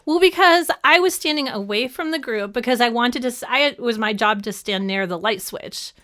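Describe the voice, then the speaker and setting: A woman's voice: a little high, moderate pace, a bit bright, no echo, studio quality. A woman guest on a podcast, talking casually and wryly, with lots of fillers. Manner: chatty, many "like" fillers, wry. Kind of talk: casual conversation.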